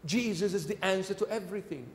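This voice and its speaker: High-voiced bishop preaching in a hall. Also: male voice, fast talker, vocal fry. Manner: emphatic, repetitive preaching that swings between loud and soft. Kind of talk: sermon. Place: church.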